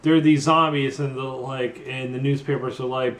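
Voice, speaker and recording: A man who has been drinking retells a video game's plot in a loose, rambling, profane way, slipping into quick mock voices for the characters. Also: medium pitch, fairly even intonation, a bit bright. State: tipsy from drinking. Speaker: comedy vlogger retelling a game plot. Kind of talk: loose comedic plot recap. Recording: echoey room with faint background ambience.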